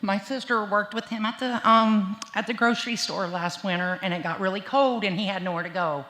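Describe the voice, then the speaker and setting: A woman's voice: mid-range voice, fairly bright tone. Emotional woman speaking in a church hall. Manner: emotional, halting speech. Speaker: peer recovery specialist. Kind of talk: memorial remembrance.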